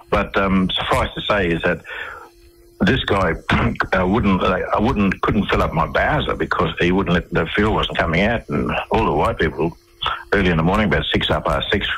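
An Australian man with a very low, husky voice tells his stories to a radio host. He rambles, stalls on fillers and starts his sentences over. The sound carries a radio broadcast quality. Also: fairly bright tone, low-quality recording. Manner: rambling, with many fillers and restarts. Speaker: radio interview guest. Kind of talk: conversational storytelling.

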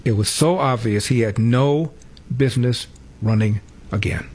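A man's voice: medium pitch, unhurried, darkish tone. A man hosting a talk radio show, blunt and sarcastic in his commentary. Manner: blunt, sarcastic, mocking imitations.

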